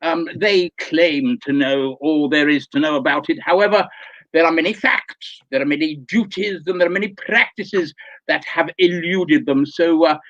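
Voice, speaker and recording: A man's voice: a little high, normal speed, fairly bright tone, dry recording, lo-fi sound. An English man, a guest on a video call, talking in a wordy, mock-pompous way. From England.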